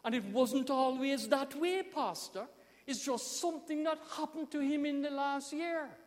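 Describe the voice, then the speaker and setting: Man doing a tearful, pleading churchwoman, high voice in an echoey hall. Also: measured pace. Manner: earnest, pleading, repeats herself. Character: tearful Cuban woman churchgoer pleading with pastor.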